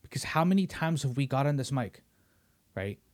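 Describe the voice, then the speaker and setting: A young man hosting a casual podcast, ranting heatedly with lots of swearing and loud emphatic bursts. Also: mid-range voice, expressive, moderate pace. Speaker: podcast host. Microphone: studio microphone.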